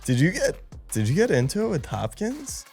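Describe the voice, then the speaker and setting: Man asking quick podcast questions. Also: a little high, wildly swooping pitch, creaky, darkish tone, soft background music. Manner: asks short prompting questions. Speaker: podcast host. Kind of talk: casual podcast interview.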